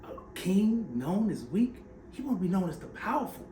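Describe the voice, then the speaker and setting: A man's voice: high voice, sing-song, normal speed. A man co-hosting a casual TV recap chat, giving blunt, emphatic opinions. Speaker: podcast co-host. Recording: echoey room with faint noise.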